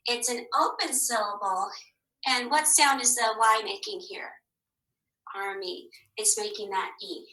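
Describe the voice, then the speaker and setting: A woman teaching a phonics lesson to young children, patient and encouraging, sounding out words slowly. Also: on the high side, sharp tone, rough recording.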